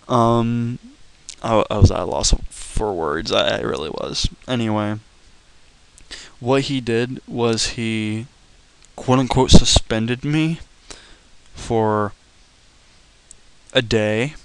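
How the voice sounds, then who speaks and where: A man's voice: mid-range voice, slow pace, pauses often, clear, resonant tone, no room sound, poor audio. A young man casually telling a personal story to the camera, blunt and profane. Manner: blunt, profane, lively retelling. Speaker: vlogger.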